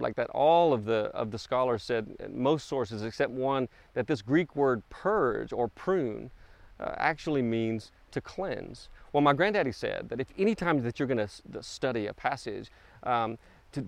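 A middle-aged man preaching a sermon and telling a story, halting often and restarting his phrases. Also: medium pitch, vocal fry, no echo. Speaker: pastor.

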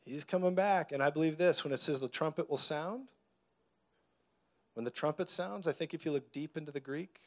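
A man preaching from the pulpit in a slightly high voice. He swings between hushed, intense passages and loud, playful bursts where he acts out voices and laughs along with his own jokes. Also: normal speed. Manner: preaching with humor, acting out voices. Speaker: pastor. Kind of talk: sermon.

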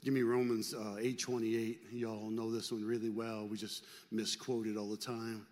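An older man preaching a sermon as a pastor, talking conversationally with folksy joking asides and swinging between loud emphasis and hushed, quiet stretches. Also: fairly low pitch, level tone, moderate pace. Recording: long reverb of a large hall.

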